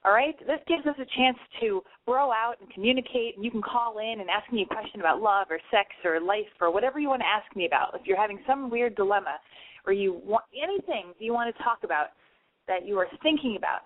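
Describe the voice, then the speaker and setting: A woman with a lisp hosting a casual call-in radio show, excitable, profane and self-mocking. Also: mid-range voice, quick pace. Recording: tinny phone-line sound.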